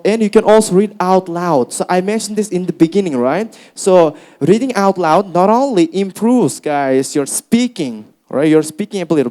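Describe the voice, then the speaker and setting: A young man with an Uzbek accent teaching a speaking workshop to a class, lively and encouraging, often calling them guys. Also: high-pitched. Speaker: English teacher. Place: classroom with students.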